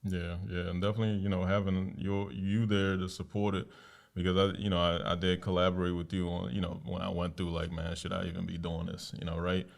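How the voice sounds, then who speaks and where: A man's voice: low voice, little pitch movement, a little fast, gravelly. A man co-hosting a casual podcast, talking in a rambling way with many fillers and repeated words. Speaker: podcast co-host. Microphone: podcast mic.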